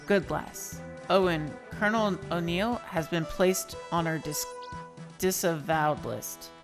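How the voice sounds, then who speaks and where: A woman's voice: lowish voice, takes it slowly, music in the background. A woman voicing a pompous, jolly old male knight commander with posh, old-fashioned phrasing. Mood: briskly official.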